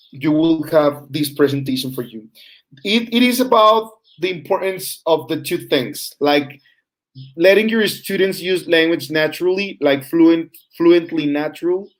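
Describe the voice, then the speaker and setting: Man teaching an online class. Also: on the high side. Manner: explains with frequent "right?" checks and fillers. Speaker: teacher trainer.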